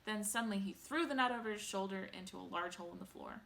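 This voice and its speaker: Bright-voiced woman reading a bedtime story. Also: mid-range voice, fast, gravelly, slight background noise. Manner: lively, expressive reading.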